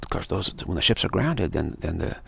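A man's voice: deep voice, very animated, fairly quick, creaky, fairly bright tone, husky, no echo. A man giving an emphatic, repetitive live-streamed monologue, warning his listeners again and again. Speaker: speaker of a live-streamed show.

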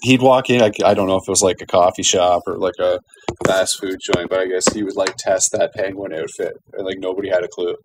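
A man's voice: low voice, steady tone, brisk, noisy background. A man co-hosting a casual chat, enthusiastic and swearing casually. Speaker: podcast co-host.

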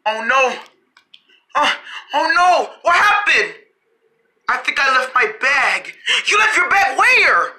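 A cartoon creator voicing every character in a family road-trip cartoon, with frequent shouting and screams. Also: high-pitched, slow pace, long pauses. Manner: shouting and screaming often, animated. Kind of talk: one-person cartoon dialogue.

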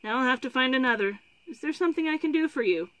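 A woman's voice: sits high, lively intonation, quick pace, fairly bright tone, no echo, pitched above the performer's own voice. A polite, dim-witted young prince from a storybook, read by a woman. He stumbles and hesitates, never quite sure what he means. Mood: muddled. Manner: muddled, hesitant.

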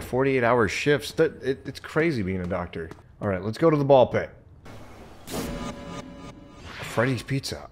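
A man's voice: medium pitch, a little hiss or hum. A man commentating his own solo play of a horror game, chatty and jokey, shrieking when startled. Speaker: gaming channel host.

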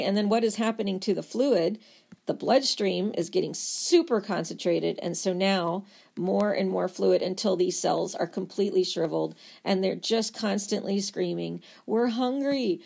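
A woman lecturing on body systems, telling the material as a playful, animated story. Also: medium pitch, creaky, slightly rough. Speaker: nursing lecturer.

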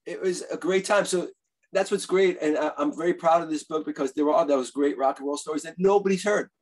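A husky man, his voice sitting a bit high for a man. He tells eager stories in a casual interview and acts out what others said. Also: fairly quick, poor audio. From Bronx, New York. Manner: animated, eager storyteller who acts out quotes. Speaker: guest author and musician.

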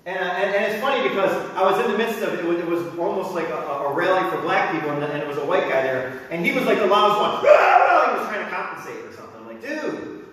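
A middle-aged man preaching a sermon as pastor, animated and bursting into shouts when he acts out crowds and drill sergeants. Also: high-pitched, rapid-fire, few pauses. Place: church sanctuary. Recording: echoey hall, mic from a distance.

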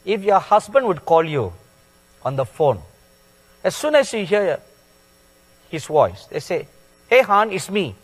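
A man preaching a sermon in a slow, deliberate way, stressing words with sudden loud peaks. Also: a little high, wildly swooping pitch, slightly rough. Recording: long hall reverb.

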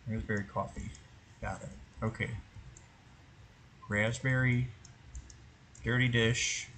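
A man's voice: medium pitch, steady tone, slow, a bit bright, a little hiss or hum, rough recording. Man muttering and cursing over gameplay. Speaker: gaming channel host. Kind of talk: gameplay commentary.

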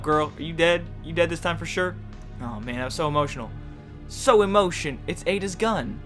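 A young man doing rambling, joking commentary while playing a video game, often yelling at it. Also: fairly high pitch. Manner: goofy, rambling, yells and jokes at the game. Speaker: gaming YouTuber. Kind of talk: let's play commentary.

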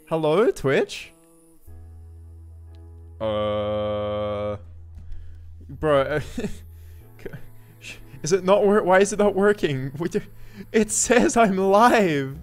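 An excitable man talking to viewers on a live stream. His voice sits a little high and swings widely in pitch, and he takes his time between bursts. Faint music loops quietly behind him. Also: very slow, long pauses. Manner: excitable, laughs often, jumps between loud yelps and mumbles. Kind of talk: casual live-stream chat, greeting viewers. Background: faint looping music.

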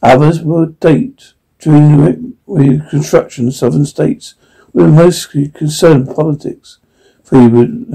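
Man reading a story aloud, halting restarts, gravelly, very dark and husky voice, slightly high. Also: low-quality recording. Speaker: audiobook reader.

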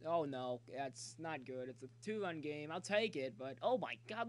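A man streaming a baseball video game, talking chattily to viewers and yelling excitedly at the plays. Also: a little high, normal speed. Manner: excitable, cheers and yells at the game; talkative, jokey banter with viewers. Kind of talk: live gameplay commentary.

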